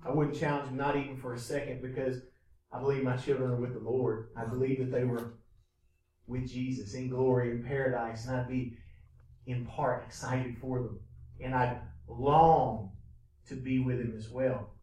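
A man's voice: medium pitch, level tone, normal speed, warm tone, recorded from a distance, slight background noise. A man preaching a sermon as pastor, with impassioned rhetorical questions. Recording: echoey room, voice from off-mic.

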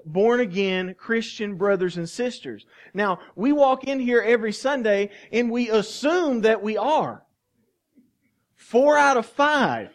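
A man with a high voice preaches in a church, speaking with fervor and urgency. He presses his points hard, swinging between loud declarations and quiet, earnest pleading. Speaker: pastor. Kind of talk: sermon. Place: church sanctuary.

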